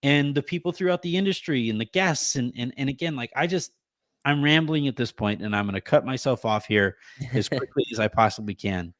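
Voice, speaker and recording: A man's voice: medium pitch, fairly bright tone, no room sound. Emotional man rambling, dry sound. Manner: rambling, halting, many restarts and fillers. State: holding back tears. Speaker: podcast host. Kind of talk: emotional thank-you on a sports podcast. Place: home.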